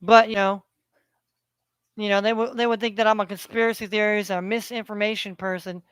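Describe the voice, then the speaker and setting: A man's voice: high voice, level tone, brisk, fairly bright tone, clean tone, dry recording. A man delivering a preachy, profanity-laden rant to his viewers, hammering points by repeating them. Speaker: vlogger. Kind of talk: ranting monologue.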